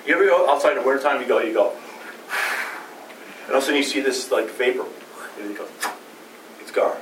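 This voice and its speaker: A man's voice: medium pitch, brisk, pauses often, a bit bright. A middle-aged man preaching a Sunday sermon as pastor, speaking conversationally and asking the congregation rhetorical questions. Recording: roomy, distant, faint ambient noise.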